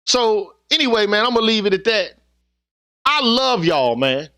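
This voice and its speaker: With a high-pitched, sing-song voice that's bright and forceful, a middle-aged YouTube vlogger preaches earnestly to his viewers at a moderate pace, swearing and finishing sentences with "man." It's an impassioned, casual monologue with no echo.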